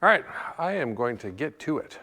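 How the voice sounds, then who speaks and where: A man's voice: medium pitch, very animated, fairly quick, pushed and bright, long reverb tail. A man talking casually to camera while working on a car, rambling and thinking aloud with lots of fillers. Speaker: car restoration vlogger. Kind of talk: casual workshop talk to camera. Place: home garage workshop.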